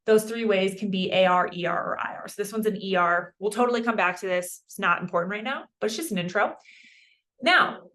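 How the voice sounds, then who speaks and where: A young woman gives a casual beginner lesson, chatty and self-deprecating. Her voice sits at a medium pitch and turns animated as she explains. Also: fairly quick. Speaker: Spanish teacher. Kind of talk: casual online language lesson.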